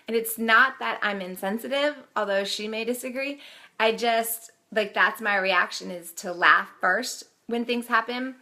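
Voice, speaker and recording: Bright, gravelly woman telling a funny story. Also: on the high side, unhurried. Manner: laughs often while telling. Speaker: vlogger. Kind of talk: casual storytelling to camera.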